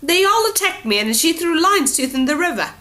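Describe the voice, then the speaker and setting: A spoiled, sulky boy prince, as a woman reads him, whiny and petulant, pitched well above the reader's own voice. A storybook reading. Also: sing-song, fairly quick, bright, forceful tone, heavily acted.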